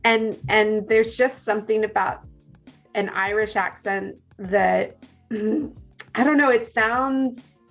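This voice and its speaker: A woman's voice: mid-range voice, steady tone, takes it slowly, soft background music. A woman from California with a Californian accent, chatting casually as a guest teacher, with many fillers and restarts. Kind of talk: casual conversation.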